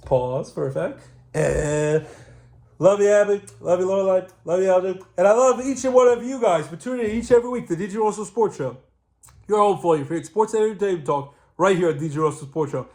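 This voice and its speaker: A man's voice: sits high, fast talker, a little mellow. A man hosting a casual solo sports show who rambles from topic to topic with plenty of fillers.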